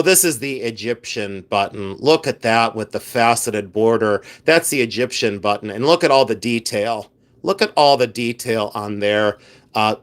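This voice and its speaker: A man's voice: medium pitch, fairly bright tone, clean tone. A man hosting a casual live stream, talking straight to his viewers in a rambling way with many fillers and restarts. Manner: chatty, addresses viewers directly. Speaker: live stream host and reseller.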